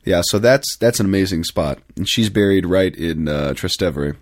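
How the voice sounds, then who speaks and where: Priest, male, very low voice, rambling podcast storyteller, dry close mic. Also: moderate pace, dry recording. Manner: rambling storyteller, many fillers and self-corrections. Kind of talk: casual podcast chat.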